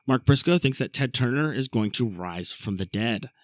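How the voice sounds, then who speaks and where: A man's voice: medium pitch, animated, no echo. A man hosting a casual wrestling podcast, recapping a show and reading an ad for the listeners. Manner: recaps matches briskly, reads an ad read. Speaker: podcast host.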